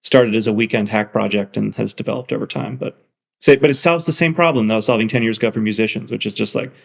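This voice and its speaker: A man with a gravelly voice, chatting as a guest on an interview show. He rambles, restarts his sentences and gets excited about his product. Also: on the low side, quick pace. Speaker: guest, software founder. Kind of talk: casual interview chat.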